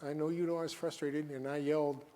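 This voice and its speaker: A man preaching as a guest at a live-streamed church service. He reads scripture slowly and with weight, then talks casually with the congregation. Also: on the high side, flat delivery, warm tone. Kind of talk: sermon.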